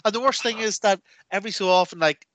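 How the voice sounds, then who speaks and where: A man co-hosting a casual podcast, telling stories with lots of energy and acting out the voices in them. His voice sits a little high and sounds bright and forceful, recorded dry and close. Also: fast talker, no room sound. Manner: animated storyteller who acts out quotes. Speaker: podcast co-host. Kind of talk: casual chat.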